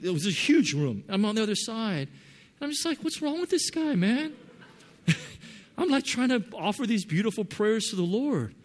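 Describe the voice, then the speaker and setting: Man preaching, voice a bit high, storytelling big then going quiet and earnest. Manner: animated storytelling, drops to soft earnest tones. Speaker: pastor. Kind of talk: sermon with personal story.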